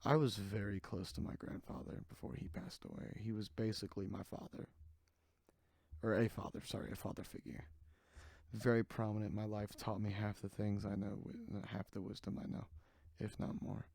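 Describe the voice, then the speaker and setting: Casting note: male podcast host, low voice, dry close mic, tired and candid. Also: little pitch movement, normal speed, gravelly, darkish tone, no echo. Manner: rambling, candid, jokey. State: sleepy, yawning. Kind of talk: casual solo podcast chat.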